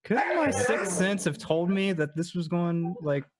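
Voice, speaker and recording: A man's voice: sits high, big pitch swings, a little slow, heavy background noise. Hesitant man asking questions at the game table. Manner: hesitant questions full of fillers. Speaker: player. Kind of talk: casual chat at a game table.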